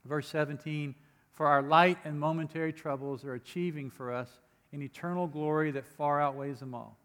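A man's voice: a little high, steady tone, normal speed, fairly bright tone. A man preaching a sermon, earnest and emphatic, with occasional light humor between readings. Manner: earnest, emphatic preaching with rising bursts on key phrases. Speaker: pastor. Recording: long hall reverb.

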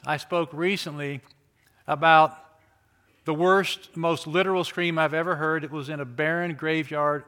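Emphatic male pastor preaching, bright voice. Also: fairly high pitch. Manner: emphatic preaching, rhetorical questions, swings from loud to hushed. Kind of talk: sermon.

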